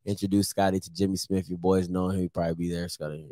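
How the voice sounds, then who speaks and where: A man's voice: sits low, little pitch movement, fast, warm tone, no echo, clean studio sound. A man in his thirties hosting a sports picks show, ranting casually to camera with slang and laughing asides. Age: 30s.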